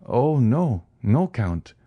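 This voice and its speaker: A man's voice: mid-range voice, very animated, extremely slow, slightly rough, dry recording, lo-fi sound, voice pushed up, full character voice. Dude reading a sad young guy begging his friend, fervent, dry close sound. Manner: earnest, fervent. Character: Maximilian Morrel, grieving earnest young man.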